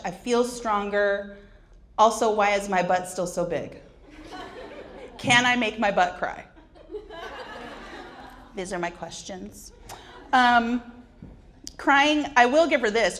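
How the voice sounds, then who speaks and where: A woman's voice: medium pitch, fairly bright tone, a little hiss or hum. A woman in her forties telling wry, self-deprecating comic stories on a conference stage, often laughing at her own jokes. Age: 40s. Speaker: conference speaker. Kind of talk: comedic personal storytelling.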